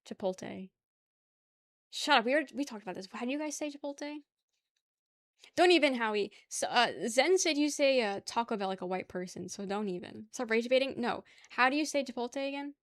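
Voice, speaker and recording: A woman's voice: a little high, expressive, brisk, no echo, studio quality. A young woman hosting a casual livestream, chatting loosely with her viewers, swearing and laughing often. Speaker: livestream host. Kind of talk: casual chat with chat.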